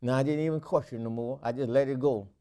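A man's voice: steady tone, quick pace. A middle-aged man, a minister teaching a class, preaching in a repetitive call-and-response way with frequent amens and stammered restarts. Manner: swings between loud emphatic bursts and low quiet asides. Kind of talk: sermon-style teaching.

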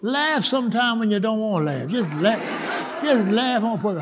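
A man preaching a sermon in church, shouting and laughing as he urges the congregation to laugh along. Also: sits high, expressive, moderate pace. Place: church service. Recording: live in church with crowd noise.

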